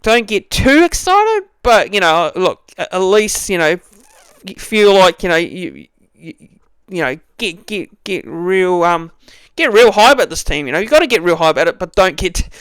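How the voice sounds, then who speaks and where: A man's voice: sits high, big pitch swings, moderate pace, a bit bright, smooth, no echo. A young man giving a casual fan review, rambling with many restarts and fillers. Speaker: fan channel host.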